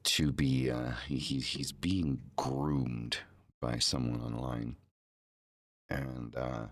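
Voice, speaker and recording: This live podcast host has a rumbling low voice, a flat delivery and drawn-out words. Using a home streaming mic, he chats casually and rambles with many fillers and repetitions, recorded in studio quality with no room sound.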